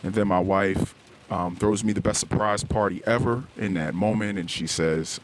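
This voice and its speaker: A middle-aged man hosting a podcast, telling a personal story in a candid, halting way, often restarting and searching for words. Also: fairly low pitch, steady tone, slight background noise. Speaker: podcast host. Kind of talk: personal confessional podcast monologue. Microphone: podcast microphone, self-recorded.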